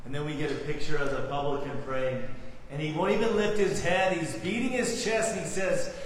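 A man's voice: on the high side, fairly quick, slight background noise. A man preaching a sermon as pastor, earnestly calling the listeners beloved and asking them rhetorical questions. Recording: echoey hall from far off, faint ambience.

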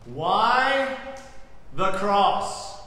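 An earnest male pastor preaching slowly and deliberately, often turning to his listeners with rhetorical questions. His somewhat high voice carries from a distance and rings through a large hall with a long reverb. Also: expressive, pushed and bright. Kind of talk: sermon. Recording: echoey hall from far off, faint ambience.

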